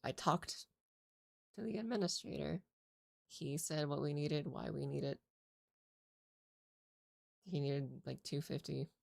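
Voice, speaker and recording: A woman's voice: deep voice, takes it slowly, creaky, long pauses, dry recording, clean studio sound. A woman content creator telling a casual story in a rambling, exasperated way, swearing often. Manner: rambling, profane, exasperated retelling.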